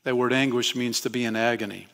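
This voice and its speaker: A man's voice: mid-range voice, steady tone, fast, vocal fry, a bit bright. A man as pastor, preaching a conversational sermon to his congregation in a church and asking them questions. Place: church sanctuary.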